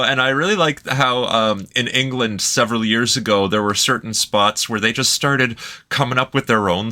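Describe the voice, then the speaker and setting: A man's voice: medium pitch, sharp tone. A man with a Canadian accent hosting a casual reaction video, joking and teasing in a laid-back way.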